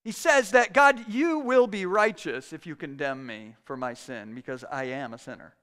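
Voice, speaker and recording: High-voiced man preaching earnestly. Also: normal speed, sharp tone. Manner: earnest, conversational preaching with frequent restarts. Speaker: pastor. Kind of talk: sermon.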